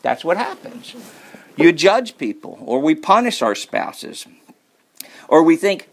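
A man preaching to a congregation with a gravelly, slightly raised voice. He talks in a folksy, joking way that shifts between low, confiding asides and louder, emphatic points. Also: big pitch swings, slow pace, pauses often. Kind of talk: sermon.

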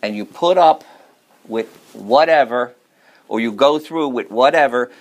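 Gravelly folksy preacher man. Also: medium pitch, measured pace. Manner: folksy, joking, preaching to a congregation. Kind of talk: sermon.

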